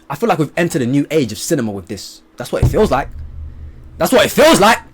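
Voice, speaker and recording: A young man reviewing a movie to camera in a casual vlog, excited and animated, swinging between loud bursts and low mutters, swearing freely. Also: fast talker, a little hiss or hum.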